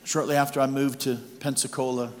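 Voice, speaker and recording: This guest preacher has a mid-range, somewhat dark voice and talks fairly quickly with a flat delivery. His sermon is built on humorous personal stories told conversationally in church. There's a bit of hiss or hum, long hall reverb, and background music.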